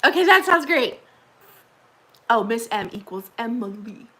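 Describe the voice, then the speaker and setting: A woman's voice: fairly high pitch, sing-song, unhurried, fairly bright tone. A woman hosting a casual livestream, chatting with viewers in a rambling way and laughing often. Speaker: livestream host.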